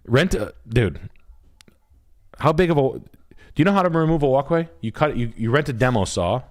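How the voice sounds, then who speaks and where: A man hosting a live stream as a realtor, explaining practical jobs in a rapid, profane, casual way. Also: mid-range voice, animated.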